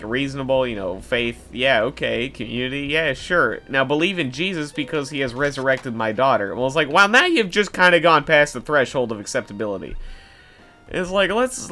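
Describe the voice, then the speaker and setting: A man's voice: medium pitch, bright, forceful tone, a little hiss or hum. A young man giving casual, rambling commentary over a driving game, sarcastic, swearing freely and laughing often. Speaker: gaming YouTuber.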